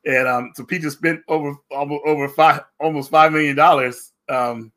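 A man hosting a podcast, casually retelling a series and acting out the characters in animated raised voices. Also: a little high, normal speed. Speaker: podcast host. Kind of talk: casual review chat.

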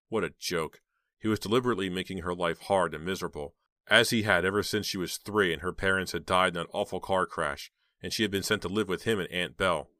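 Very deep male narrator reading a horror novel, measured, dry close-mic sound. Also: pushed and bright, dry recording. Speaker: audiobook narrator. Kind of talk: scripted audiobook narration.

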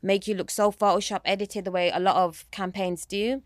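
A young woman talks as an interview guest in a loose, chatty way, leaning on "like" and "you know" as she goes. Her voice sits at a middling pitch and is recorded close and dry. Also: level tone, fairly quick, no room sound. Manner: chatty, uses many fillers like "like" and "you know". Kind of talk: casual chat.

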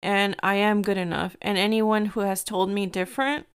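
A woman's voice: medium pitch, fairly even intonation, clean tone. A woman in her thirties from the United States, hosting a casual podcast and telling stories in a chatty way, slipping in Spanish phrases. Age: 30s. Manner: chatty storyteller mixing in Spanish phrases, quick bursts and laughs. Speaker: podcast host. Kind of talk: casual chat.

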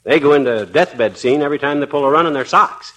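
A man's voice: fairly high pitch, quick pace, pushed and bright. An actor playing a boastful, wisecracking middle-aged husband in a 1940s radio comedy, brash and slangy, chuckling at his own jokes. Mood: joking. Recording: old radio recording with faint noise.

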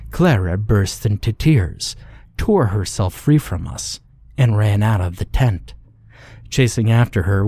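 A man narrating a scary story in a measured, steady delivery. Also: fairly low pitch, dry recording. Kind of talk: scripted horror story narration.

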